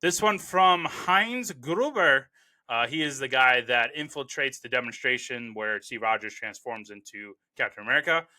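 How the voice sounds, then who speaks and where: Guy doing a laid-back movie review, bright clear voice, lots of uh's. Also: mid-range voice, moderate pace. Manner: relaxed, chatty, frequent "uh" fillers. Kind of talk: casual movie review commentary.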